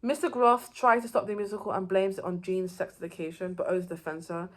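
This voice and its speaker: A woman's voice: mid-range voice, fairly even intonation, a little fast, slight background noise. A woman giving a casual, rambling recap of a TV season, with loose phrasing and frequent restarts. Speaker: TV show reviewer.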